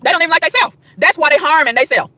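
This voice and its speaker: Woman vlogger, outdoor park rant; high, bright, rapid-fire, emphatic and repetitive preaching delivery. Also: dry recording. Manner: emphatic, repeats and stammers over words, rhetorical questions. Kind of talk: preachy street rant to camera.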